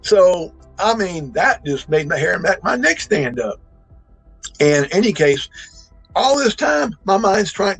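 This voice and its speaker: A man's voice: high-pitched, vocal fry, husky, no room sound, poor audio. A man, telling a true encounter in a folksy, rambling way full of restarts and emphatic bursts. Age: 60s. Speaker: eyewitness storyteller. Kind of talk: casual spoken storytelling.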